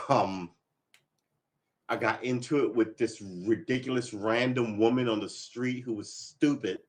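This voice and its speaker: A man's voice: mid-range voice, fairly even intonation, measured pace. A middle-aged man chatting on a casual live stream, rambling and profane with many restarts, a little tipsy from drinks. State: slightly tipsy. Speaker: vlogger.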